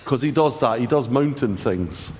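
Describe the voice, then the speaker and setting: A man giving a sermon, conversational and animated, with wry asides. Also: mid-range voice, moderate pace, big-room sound, a little hiss or hum. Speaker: preacher.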